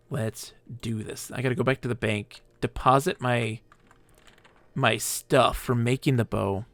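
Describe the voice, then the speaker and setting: A man live-streams gameplay, chatting with viewers and muttering to himself along the way. He speaks at a measured pace in a mid-range, slightly bright voice with fairly even intonation.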